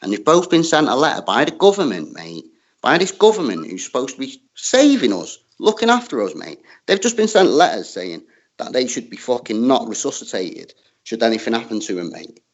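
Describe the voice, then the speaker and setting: A man's voice: medium pitch, very animated, a little fast, muffled recording. A man arguing heatedly in a casual chat, tagging most sentences with "mate". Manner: argumentative, keeps adding "mate", heated. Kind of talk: heated argument.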